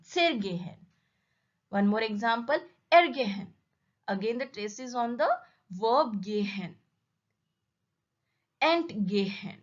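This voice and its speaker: A woman's voice: fairly high pitch, lo-fi sound. A woman teaching a German grammar lesson, explaining carefully and repeating example words so they can be drilled.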